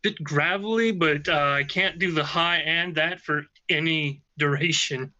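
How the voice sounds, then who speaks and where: A man guest chatting casually, self-deprecating and halting. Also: a little high, pushed and bright. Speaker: guest, player. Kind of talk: casual chat. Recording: dull lo-fi, dry sound.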